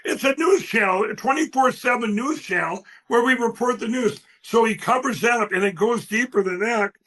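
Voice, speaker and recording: High-pitched rambling man, emphatic storyteller. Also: moderate pace, a bit bright. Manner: rambling, emphatic, acts out quoted voices. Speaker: guest. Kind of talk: animated interview storytelling.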